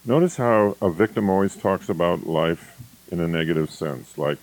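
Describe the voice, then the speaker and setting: A man's voice: deep voice, expressive, normal speed, a little mellow, poor audio. A man giving a motivational lecture, acting out quoted phrases in contrasting tones. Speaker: motivational speaker.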